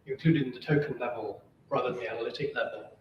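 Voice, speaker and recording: A man chairing an academic seminar and asking questions, halting, with many fillers and repeated words, over a video call. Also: medium pitch, fairly even intonation. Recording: distant, roomy, dull and lo-fi, faint noise.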